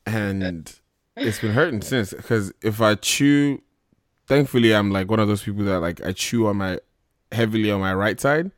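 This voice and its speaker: Low-voiced playful man hosting a podcast. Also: normal speed, no echo, studio quality. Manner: playful, jokey, rambling with fillers. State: tired. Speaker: podcast host. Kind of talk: casual podcast chat.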